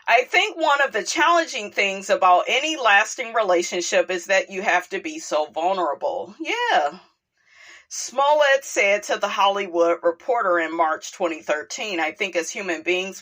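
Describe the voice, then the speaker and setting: A woman's voice: mid-range voice, fairly bright tone. A woman hosting a casual gossip commentary show. She is chatty and leans on fillers like "you know" and "like I said" while she reads news items aloud and weighs in on them. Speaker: commentary channel host.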